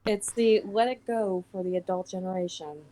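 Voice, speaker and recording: A playful woman, a voice actress guesting on a stream, talking casually at a mid pitch with frequent ums and hesitations. She comes through a remote voice-chat connection. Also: steady tone, normal speed, mellow, rough recording.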